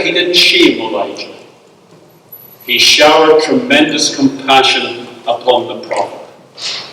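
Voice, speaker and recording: A male pastor, preaching a sermon in a measured, emphatic way with pauses. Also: medium pitch, a bit bright, a little hiss or hum. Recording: echoey hall, speaker far from mic.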